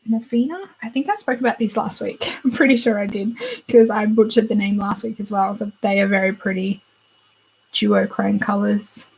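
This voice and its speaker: A woman's voice: fairly high pitch, darkish tone, slightly rough, rough recording. A young woman hosting a beauty channel, chatting casually and gushing over new makeup as she browses and thinks aloud. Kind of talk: casual chat.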